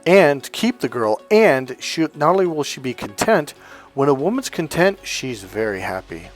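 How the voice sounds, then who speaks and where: A man's voice: mid-range voice, very animated, normal speed, faint music behind. Profane, fired-up male dating coach. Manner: profane, emphatic rant. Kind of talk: monologue to camera.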